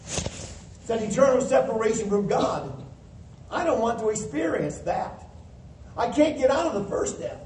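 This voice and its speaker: In a spacious church hall, a man with a high yet mellow voice delivers a plain-spoken sermon, working through verses and voicing the people he quotes. He sits far from the mic, with a faint hiss underneath. His intonation is lively, his pace a little slow, and he leaves long pauses.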